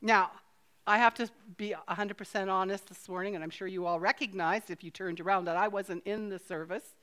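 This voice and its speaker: A middle-aged woman pastor delivering a Sunday sermon in a church sanctuary, filmed on camera. Her voice sits at a middle pitch and she talks earnestly, mixing joking asides with slow, weighty emphasis on key words. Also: steady tone, fairly bright tone, clean tone. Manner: earnest, conversational, with playful asides and slowed emphasis.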